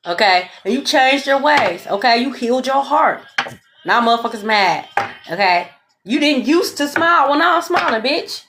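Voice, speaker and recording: Sassy, high-pitched woman reading tarot. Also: slight background noise. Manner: blunt, profane, sassy and animated; repeats "okay?" often. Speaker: tarot reader.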